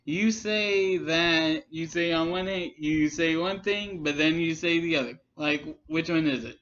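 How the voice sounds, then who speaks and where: A man's voice: a little high, measured pace, fairly bright tone. A man giving casual rebuttal commentary, arguing with critics and addressing them directly. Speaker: commentary vlogger. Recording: slightly muffled lo-fi recording.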